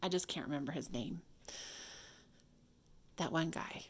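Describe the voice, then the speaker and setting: A woman's voice: low-pitched, measured pace, slightly rough. Chatty woman demonstrating a craft. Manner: chatty, talks to herself while working, drops to whispers. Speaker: craft video host. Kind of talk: casual hands-on tutorial. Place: home craft room.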